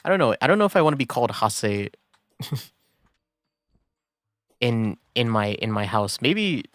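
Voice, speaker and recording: A man's voice: mid-range voice, big pitch swings, unhurried, fairly bright tone, dry recording, studio quality, soft background music. A man chatting casually while streaming a game, laid-back and rambling, laughing often between thoughts. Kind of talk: casual gaming stream chat.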